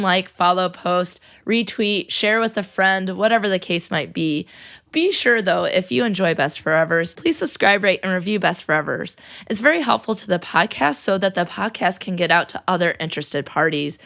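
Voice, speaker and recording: A woman's voice: fairly low pitch, vocal fry, a bit bright. A young American woman hosting a podcast, gushing and laughing often as she thanks listeners in a casual chat. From United States. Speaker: podcast host. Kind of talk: casual podcast outro and shout-outs.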